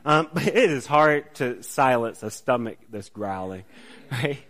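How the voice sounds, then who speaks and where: A man's voice: mid-range voice, animated, unhurried. A man preaching a sermon in a conversational way, often asking "right?" and restarting phrases. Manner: casual, checks in with listeners by asking "right?"; restarts phrases, shifts from soft to emphatic.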